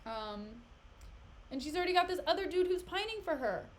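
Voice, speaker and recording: A woman streamer casually retelling a play in a chatty, animated way. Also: extremely high pitch, a little fast. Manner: animated, chatty, laughs often.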